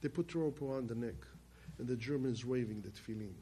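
An older man giving a spoken testimony from his family's past, emphatic and halting. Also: medium pitch, dark tone, a little hiss or hum. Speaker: storyteller.

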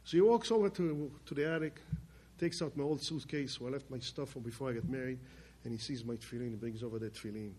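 A man telling a personal story in plainspoken speech, swinging between loud emphatic bursts and quiet low passages. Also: fast, breathy edge. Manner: plainspoken, with restarts and loose grammar. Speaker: speaker telling his life story.

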